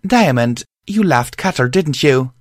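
A man's voice: medium pitch, animated, a little slow, no echo, studio quality, pitched above the performer's own voice. A man reading a fan story aloud and voicing its weary, determined stallion pony hero in a tense, earnest way.

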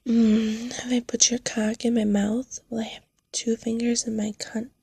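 A woman's voice: fairly high pitch, little pitch movement, unhurried, warm tone, slightly rough, dry recording. A woman speaking in an intimate whispered role-play, murmuring and sighing between phrases.

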